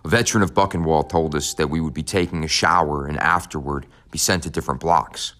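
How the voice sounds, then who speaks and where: A man with an extremely deep voice reads a first-person audiobook. His telling is measured and somber, unhurried and steady. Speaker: audiobook narrator. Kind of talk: scripted audiobook narration.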